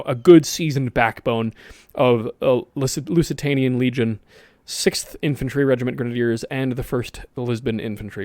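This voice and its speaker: A man's voice: medium pitch, dry recording. A man giving casual, rambling commentary over a strategy game, correcting himself often and dropping jokey asides. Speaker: gaming video host.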